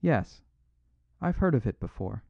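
A man's voice: medium pitch, big pitch swings, unhurried, vocal fry, no echo, heavily acted. A man reading an audiobook, voicing a small, mild, vague male priest who speaks simply and apologetically, in a dry, dull recording.

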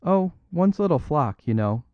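A man's voice: a little high, very animated, measured pace, no echo, pitched above the performer's own voice. A man reads a humble little priest who speaks simply and apologetically, his voice rising and falling freely. The recording is dry and a little dull, with no room sound. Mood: mild apologetic. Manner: simple, unaffected, gently apologetic. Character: mild, modest little English priest, apologetic.

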